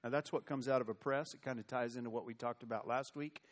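A man's voice: mid-range voice, fairly even intonation, fast talker. An American man preaching a sermon, telling Bible stories in a folksy, conversational way. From United States. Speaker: pastor.

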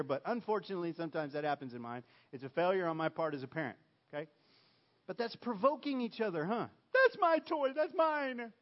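A man's voice: on the high side, dull audio. A man preaching a sermon as a pastor, talking in a conversational way and checking in with listeners with "okay?".

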